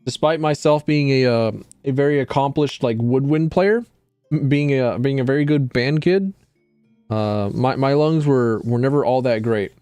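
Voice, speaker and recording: A man's voice: medium pitch, normal speed, darkish tone, clear, resonant tone, dry recording, faint music behind. A young adult man casually commenting while streaming a game, rambling and self-deprecating with stumbling restarts.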